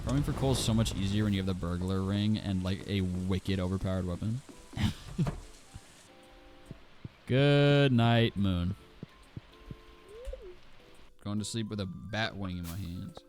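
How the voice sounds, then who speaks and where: A man's voice: deep voice, normal speed, pauses often, music in the background. A man streaming a farming game, chatting casually with viewers and exclaiming over loot. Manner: animated, exclaiming, talks to chat. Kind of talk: casual gameplay commentary.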